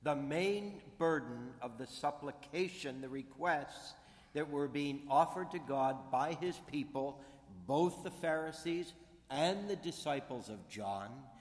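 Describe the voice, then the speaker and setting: A man preaching a sermon, slow and deliberate, stressing key words from the pulpit. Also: on the high side, lively intonation. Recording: long reverb of a large hall.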